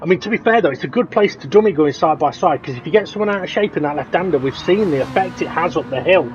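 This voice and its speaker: A man commentating a sim race, excitable, laughing often and jumping up at crashes. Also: on the high side, quick pace, soft background music. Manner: excitable, laughs often, rises sharply at incidents. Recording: dull lo-fi audio with clear background noise.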